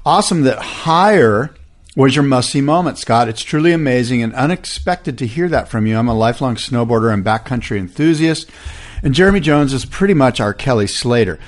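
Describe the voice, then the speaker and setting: A man's voice: medium pitch, lively intonation, a little fast. A man co-hosting a podcast, chatting casually and reading listener emails aloud in a self-deprecating, easygoing way. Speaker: podcast co-host.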